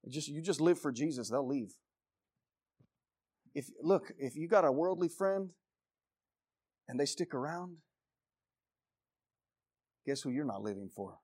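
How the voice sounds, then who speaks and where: Fervent male preacher, raised pitch, rising to loud exhortation then dropping low, drives points home by repetition. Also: animated, unhurried, pauses often, no echo. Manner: impassioned, swings between loud exhortation and low intensity; repeats phrases for emphasis. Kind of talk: sermon.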